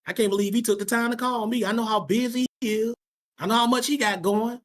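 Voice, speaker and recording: A man's voice: very high voice, steady tone, fast talker, fairly bright tone. A man teaching a Sabbath class to young people, talking in an emphatic, slangy way and repeating his points for stress. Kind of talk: informal preaching to young people.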